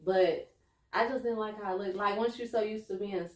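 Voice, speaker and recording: A young woman co-hosting a podcast, talking candidly and earnestly about her own life, getting animated and laughing as she tells stories. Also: medium pitch, normal speed, far from the mic. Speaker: podcast co-host. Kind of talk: candid casual chat. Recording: echoey room, a bit off-mic.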